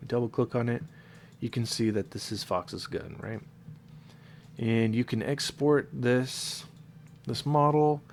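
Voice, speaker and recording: A congested, stuffed-up man walks viewers casually through a modding tutorial in a screen recording, speaking slowly at a medium pitch with fairly even intonation. He explains loosely with fillers and self-corrections, and there's a little hiss or hum.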